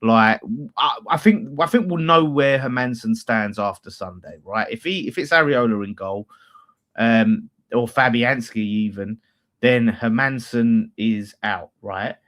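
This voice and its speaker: A man's voice: medium pitch, a little slow, fairly bright tone. A man giving blunt, opinionated takes in a casual football chat. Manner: blunt, opinionated, swears freely. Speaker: fan channel co-host.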